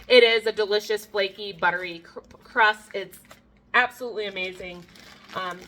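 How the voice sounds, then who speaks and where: A woman's voice: mid-range voice, bright, forceful tone, a little hiss or hum. A woman in her thirties chatting casually to the camera as she cooks in her home kitchen, laughing at her own mistakes. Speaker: homestead cooking vlogger. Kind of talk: casual cook-along chat to camera.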